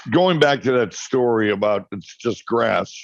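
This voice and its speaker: A man chatting as a guest on a talk show, telling stories in an animated way and often restarting his sentences. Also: medium pitch, a little slow, no room sound, dull audio. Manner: storytelling, animated, repeats words when starting. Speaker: guest, cannabis grower. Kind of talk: casual talk show chat.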